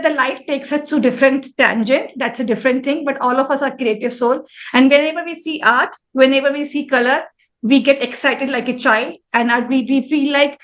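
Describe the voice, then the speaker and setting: A woman in her forties answers an interviewer in front of a live audience, in a high, bright register. She is earnest and reflective, and she often restarts her sentences midway. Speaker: interview guest, mandala artist.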